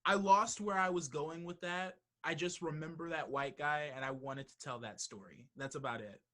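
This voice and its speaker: Animated young man telling stories. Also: a little high, normal speed. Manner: animated, profane storytelling. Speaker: podcast host. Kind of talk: casual conversation.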